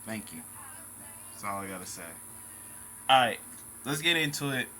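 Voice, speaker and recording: A man's voice: medium pitch, animated, moderate pace, bright, forceful tone, faint music behind. A man hosting a casual vlog, talking in loose slang and calling his viewers bro and dog. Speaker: channel host.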